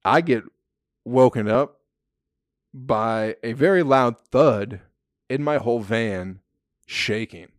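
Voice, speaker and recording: A man's voice: mid-range voice, takes it slowly, pauses often, no echo, clean studio sound. A young man casually telling a story, laid-back, swearing freely and laughing often.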